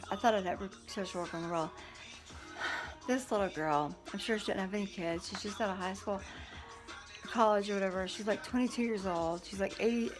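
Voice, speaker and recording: A woman recounts a run-in for her viewers, talking bluntly and with clear indignation. She is chatty and quick to editorialize. Music plays clearly behind her voice. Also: medium pitch. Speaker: vlogger. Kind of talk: casual storytelling to camera.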